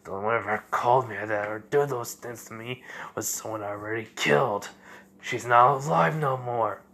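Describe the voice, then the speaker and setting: A defiant young rogue ninja from a spoken fan story, all bitter outbursts and sharp exclamations, as a man puts him on. He sounds tormented and cornered, pitched in an ordinary middle range. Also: moderate pace, creaky. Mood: grim.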